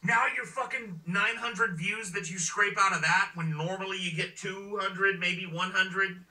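A man's voice: sits high, fairly even intonation, a little slow, sharp tone, echoey room, far from the mic, poor audio. A man co-hosting a podcast in a casual, profane, rambling chat. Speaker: podcast co-host.

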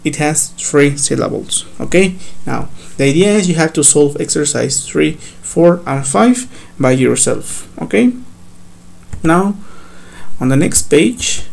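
A man whose first language is Spanish, teaching an English grammar lesson slowly, step by step, with fillers. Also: a little high, animated, vocal fry, darkish tone. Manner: slow, step-by-step explaining with fillers.

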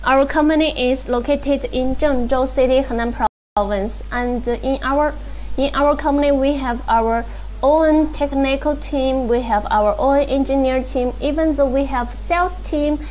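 A woman with a Chinese accent hosting a live-stream sales presentation in English, halting and repeating her greetings. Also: high voice, darkish tone, slight background noise, low-quality recording. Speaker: livestream sales host.

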